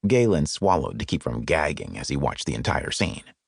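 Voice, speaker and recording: Male audiobook narrator, expressive and wry, low gravelly voice with lively intonation; close dry studio sound. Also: normal speed, dry recording. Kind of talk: scripted narration. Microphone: close studio mic.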